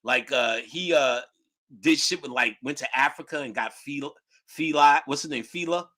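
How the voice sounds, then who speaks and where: A middle-aged man telling casual stories in a lively, profane, slangy way, laughing often. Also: medium pitch, normal speed. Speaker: guest storyteller. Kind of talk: casual storytelling.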